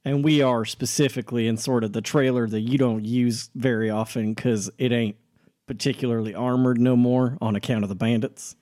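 A man's voice: medium pitch, steady tone, normal speed, a little mellow. A man playing a tabletop game in character, drawling and asking probing questions. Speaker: player.

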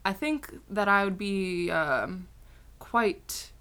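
A woman's voice: medium pitch, drawn-out words, a bit bright, clean tone. A woman doing an earnest love-preaching pop star.

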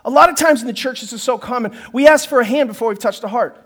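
A pastor preaching a sermon who tells stories with animated acted-out dialogue and frequent laughter. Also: male voice, very high voice, fast talker. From northern United States. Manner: animated storytelling, acts out dialogue, laughs often.

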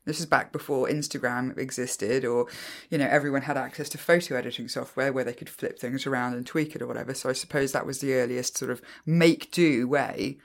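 A man's voice: mid-range voice, steady tone, fairly quick, few pauses. A man from England chatting casually as a podcast co-host, thoughtful and hesitant, laughing easily. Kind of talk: casual chat.

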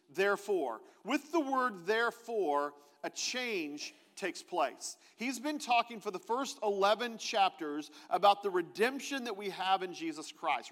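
A man's voice: high-pitched, fairly bright tone. A man preaching a sermon to his congregation in a conversational way, asking them questions as he teaches. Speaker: pastor. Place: church sanctuary. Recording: long hall reverb.

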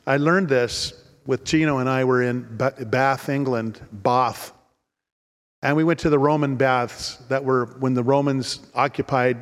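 A man's voice: medium pitch, big-room sound. A man preaching a sermon in an earnest storytelling manner, often repeating words as he restarts. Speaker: pastor.

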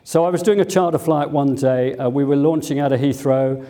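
A man's voice: medium pitch, steady tone, brisk, mellow. An older man, a former Concorde pilot, telling chatty stories at a museum talk with easygoing filler words. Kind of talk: anecdotal storytelling talk.

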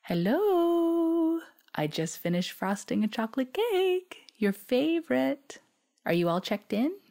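A bubbly mother lilts and swoops through her words in a high, sing-song voice, as a woman reader takes her part. She sounds happily expectant, calling out a little away from the mic. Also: very animated, takes it slowly, gravelly, warm tone, full character voice. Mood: cheerful. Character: cheerful middle-aged mother, sing-song voice.

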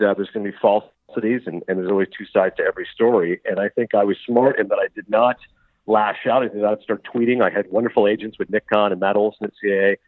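A middle-aged man from Canada, a sports broadcaster chatting as a guest in an interview, who talks quickly and acts out the dialogue he quotes. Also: on the low side, no echo. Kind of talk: casual interview chat. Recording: tinny phone-like line.

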